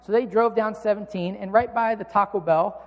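A man in his thirties preaches with earnest conviction, then pokes fun at himself in a personal story. His voice sits high for a man. It carries with a long reverb, as if across a large church hall. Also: fairly even intonation, normal speed, muffled recording. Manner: earnest, self-mocking storytelling. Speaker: pastor.

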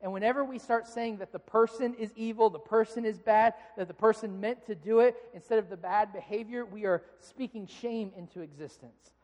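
A pastor in his thirties preaches to his congregation in a high voice, fairly quickly and with few pauses. He is earnest and direct, acting out stories with rising heat until they become animated anger. The long reverb of a large hall surrounds him.

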